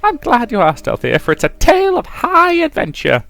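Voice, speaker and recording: Give me a man putting on a boastful heroine's voice for a game read-through, pitched well up and swinging wildly. She talks in a grand, theatrical way and sounds pleased with herself. Faint music sits underneath. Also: huge pitch swings, normal speed, creaky, a bit bright, heavily acted. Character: brash bold young adventurer woman. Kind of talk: reading game dialogue aloud.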